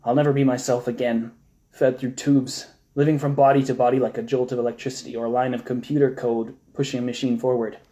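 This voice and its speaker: A man's voice: medium pitch, little pitch movement, quick pace, dark tone, lightly acted. A man reading a desperate android prisoner. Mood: bitter. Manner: pleading and bitter. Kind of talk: live audiobook reading.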